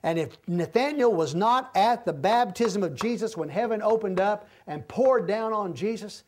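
A man's voice: sits high, lively intonation, normal speed. A man teaching a verse-by-verse Bible study, explaining the scripture and acting out the speakers' lines. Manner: explains verses, acts out the speakers' lines, then closes in a quiet prayer.

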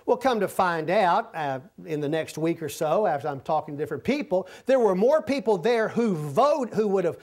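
High-voiced folksy preacher. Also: male voice, a little mellow. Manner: folksy storytelling with asides and acted quotes. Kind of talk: sermon.

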